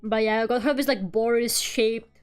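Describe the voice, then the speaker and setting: Chatty high-voiced woman streamer. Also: fairly even intonation, normal speed, clean tone, faint music behind. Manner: chatty and rambling, swears freely, laughs often. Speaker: streamer drawing live. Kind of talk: casual chat while drawing.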